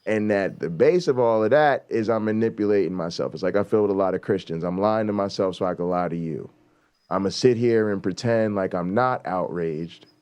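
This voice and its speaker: A man with a lowish, clear, resonant voice and a darkish tone talks a little fast as he hosts a talk show. He's blunt and emphatic in his casual commentary, swearing freely and regularly asking a rhetorical "right?"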